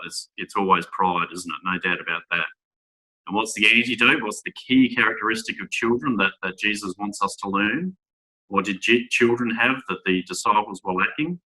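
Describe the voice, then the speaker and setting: A man giving a Bible talk to young men, reading scripture aloud and asking rhetorical tag questions in a measured way. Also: fairly low pitch, bright, forceful tone, poor audio. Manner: measured, with small restarts. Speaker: speaker at a Bible school.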